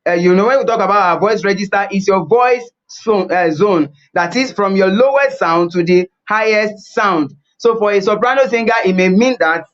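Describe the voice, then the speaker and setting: A man's voice: high-pitched, normal speed, few pauses, fairly bright tone, highs cut off. A man teaching a singing webinar, repeating key points and explaining things as he plays the piano. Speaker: vocal coach.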